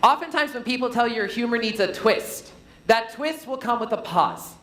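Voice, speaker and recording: Lively man teaching in an echoey hall. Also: very high-pitched, normal speed. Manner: playful, animated teacher who jokes with the audience. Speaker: workshop presenter. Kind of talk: live storytelling workshop talk. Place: conference hall.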